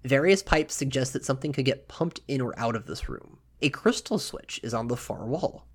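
A man narrating a tabletop game as game master, relaxed and halting, with many fillers. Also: mid-range voice, breathy edge.

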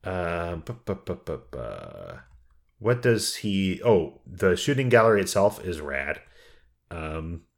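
A man's voice: low voice, big pitch swings, takes it slowly, creaky. A man co-hosting a casual podcast chat, talking in a meandering way and often restarting his thoughts. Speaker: podcast co-host.

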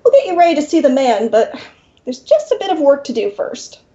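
A woman voicing a slim, smooth male demon who is smug and overly polite, on a slightly dull recording. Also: sits high, sing-song, brisk, mellow.

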